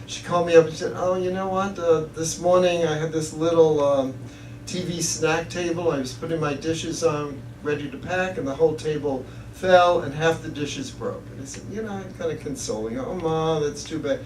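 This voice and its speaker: A man's voice: fairly high pitch, moderate pace, a little mellow. A man giving an inspirational talk to an audience, telling chatty stories and laughing at his own jokes. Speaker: guest speaker. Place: church hall with audience. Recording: echoey hall, distant mic, faint hiss.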